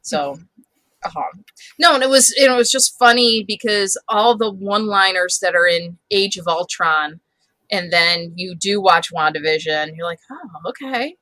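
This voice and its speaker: A chatty woman with a bright, sharp voice talks through a podcast conversation. She hesitates often with ums, and the sound is dry and close to the mic. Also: lowish voice, normal speed, no room sound, rough recording. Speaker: podcast co-host. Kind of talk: casual chat.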